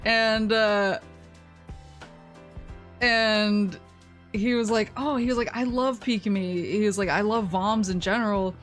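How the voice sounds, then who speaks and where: A woman vtuber chatting casually on stream, telling a long rambling story, laughing often and quoting people in lively voices. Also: mid-range voice, a little slow, long pauses, faint music behind.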